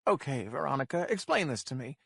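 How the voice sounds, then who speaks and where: A man voicing a calm, controlling male kidnapper who talks down to his captive over a speaker. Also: mid-range voice, brisk, vocal fry, husky, dry recording, clean studio sound, full character voice. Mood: probing. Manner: cold, patronizing, squawking.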